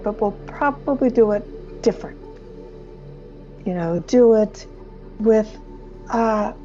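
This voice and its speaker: A woman hosting a casual spiritual conversation, speaking slowly and acting out inner voices as she explains. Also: medium pitch, gravelly, highs cut off. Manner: slow, expressive, acts out inner voices. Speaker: spiritual channeler and host.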